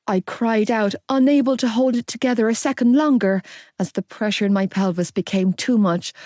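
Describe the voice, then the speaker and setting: A woman narrating a romance audiobook in the first person, expressive and unhurried. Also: medium pitch, no echo, clean studio sound.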